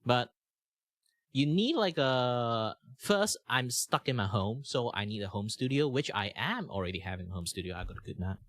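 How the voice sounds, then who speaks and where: A man's voice: medium pitch, expressive, normal speed, a bit bright, dry recording. A young man from Malaysia chatting casually as a streamer, with flowing, rambling speech full of fillers and restarts, recorded on a good mic in a sound-treated home studio. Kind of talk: casual chat.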